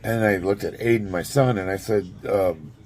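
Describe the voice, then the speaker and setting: A man's voice: sits low, moderate pace, darkish tone. A middle-aged man telling a story in a casual vlog, rambling, chuckling now and then, with lots of fillers. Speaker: vlogger.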